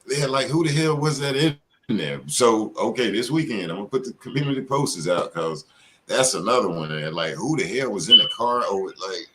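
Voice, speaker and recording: A man's voice: on the low side, animated, a little fast, sharp tone, a little hiss or hum. A middle-aged man hosting a casual live stream, talking in a loose, slangy, profane and rambling way.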